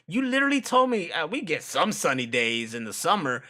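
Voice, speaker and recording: A man hosting a live stream, chatting casually with viewers in a joking, profane, animated way. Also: fairly high pitch, fairly quick, few pauses. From United States.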